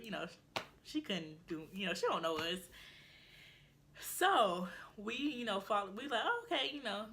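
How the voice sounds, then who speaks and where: A young woman, telling a storytime in a casual vlog, animated and acting out what her friends said. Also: mid-range voice. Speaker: vlogger.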